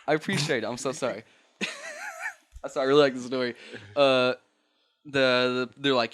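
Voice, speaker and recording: A man's voice: medium pitch, fairly even intonation, normal speed, pauses often, a bit bright. A man hosting a podcast, telling a story casually, rambling and laughing, swearing and acting out voices. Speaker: podcast host.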